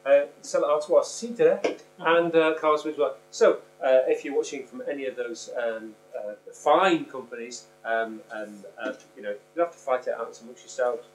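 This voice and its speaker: A man's voice: medium pitch, fairly even intonation, normal speed. A man with a Liverpool accent hosting a podcast, rambling and joking with plenty of fillers. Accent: Liverpool English. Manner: rambling, jokey, lots of fillers. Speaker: podcast host. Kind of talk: casual chat. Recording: echoey room with background noise.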